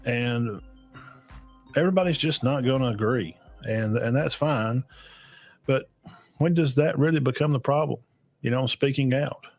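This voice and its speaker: A man's voice: mid-range voice, a little slow, pauses often, no room sound, faint music behind. A middle-aged man hosting a podcast reaction stream, talking casually with many fillers and restarts.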